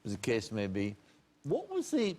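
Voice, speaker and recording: A man hosting a talk show, asking long questions with halting restarts and repeated words. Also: lowish voice, wildly swooping pitch, mellow. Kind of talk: interviewing.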